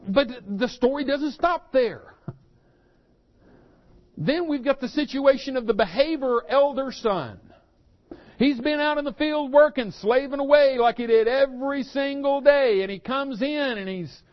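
A pastor preaching a sermon, acting out the story's characters with rising and falling intensity. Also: male voice, very high voice, measured pace, muffled recording.

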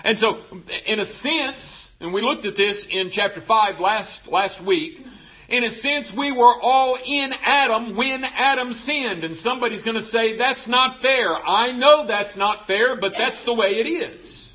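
A pastor preaching a sermon, emphatic and asking the congregation rhetorical questions. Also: male voice, very high-pitched, unhurried, muffled recording.

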